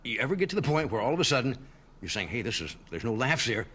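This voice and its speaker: A man hosting a late-night talk show, putting measured questions to his guest. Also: medium pitch, sing-song, fairly bright tone, breathy edge. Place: TV studio before a live audience. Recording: archival TV with studio audience. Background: audience laughter and murmur.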